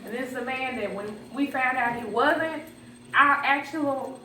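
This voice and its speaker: A woman telling fond, gently humorous stories at her grandfather's funeral. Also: sits high, unhurried, a little hiss or hum. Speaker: granddaughter giving a eulogy. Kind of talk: emotional memorial speech. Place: church funeral service. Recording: echoey hall, distant mic, crowd.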